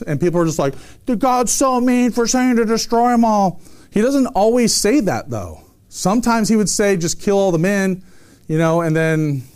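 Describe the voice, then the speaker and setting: A man preaching a sermon with a somewhat high voice. He moves between reading scripture and loose, emphatic commentary. He often pauses and restarts mid-sentence. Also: a little mellow.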